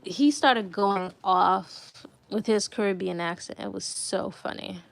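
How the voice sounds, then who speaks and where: A woman's voice: medium pitch, slow, vocal fry, no room sound. A young woman vlogger telling stories in a casual, chatty way, repeating words for emphasis. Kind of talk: casual chat to viewers.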